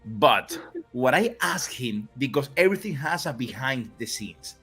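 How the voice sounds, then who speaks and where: A man from the Republic, hosting a casual chat in an animated, rambling way that often breaks off mid-thought. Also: mid-range voice, unhurried, husky, soft background music. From Dominican Republic. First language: Spanish. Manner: animated, rambling, self-interrupting. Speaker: podcast host. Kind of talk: casual conversation.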